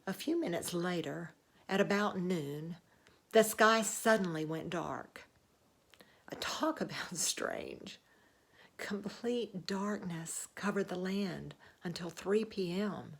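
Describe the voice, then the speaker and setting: Woman playing Roman centurion, commanding officer; earnest, measured first-person monologue, lowish voice. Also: gravelly, breathy edge, heavily acted. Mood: solemn.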